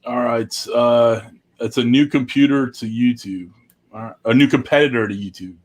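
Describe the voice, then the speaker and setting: A man's voice: medium pitch, moderate pace. A man hosting a casual live-stream chat, laid-back and self-deprecating, with casual swearing. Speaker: host.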